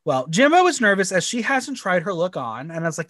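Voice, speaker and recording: A man co-hosting a casual podcast, recapping a show with animated, campy, laugh-filled chat. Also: high voice, brisk, hardly any pauses, dry recording. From United States. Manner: animated, laughs often, camp and swearing.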